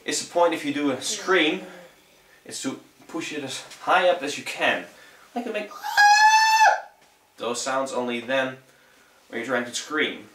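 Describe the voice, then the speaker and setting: In an echoey room with a distant mic and a noisy background, a young Dutch man from the Netherlands gives a laid-back, rambling, profane vocal tutorial in accented English. He speaks at medium pitch and a little slowly.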